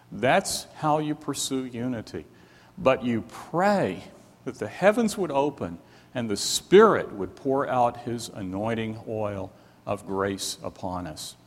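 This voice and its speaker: A man preaching in a church, taking his time and pressing each point with earnest emphasis. His words ring out with a long hall echo. His voice sits at an ordinary middle pitch. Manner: earnest preaching, slow and emphatic with rising exhortations. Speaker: pastor. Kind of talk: sermon. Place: church sanctuary.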